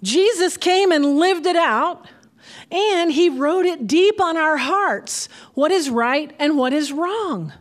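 A woman's voice: high voice, expressive, slow pace. An older grandmother preaching a sermon, telling a homey story with asides and laughs.

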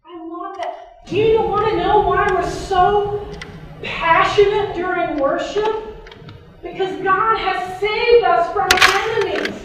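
Middle-aged woman pastor, very high voice, fervent sermon delivery, booming church echo. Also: slow pace, background noise. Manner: passionate, emphatic, reads scripture aloud. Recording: echoey hall, mic at a distance.

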